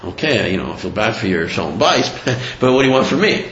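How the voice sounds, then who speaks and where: A gruff, impatient robber brushes off pleas in a low, dismissive voice, as a male storyteller puts him on. The recording is roomy and slightly muffled. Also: very animated, brisk, a bit bright, a little hiss or hum. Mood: curt. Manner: curt, dismissive.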